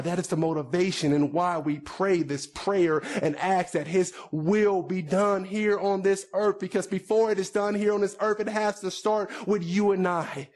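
A man preaching a sermon, his pitch and volume swinging between loud stretches and soft ones. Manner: preaching with sweeping rises and drops in pitch and volume. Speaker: pastor.

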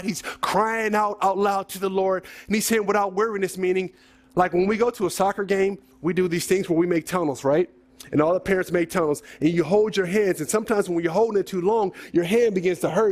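With a high voice, a male pastor preaches a sermon in a conversational way. He asks many rhetorical questions and builds to emphatic peaks.

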